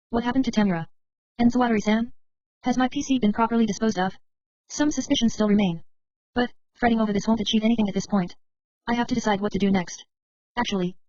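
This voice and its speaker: A woman narrating a novel in the first person at a quick clip, her voice pitched right in the middle. The recording is dry and a little muffled, with no room sound around her. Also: a little mellow, dry recording. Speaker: audiobook reader.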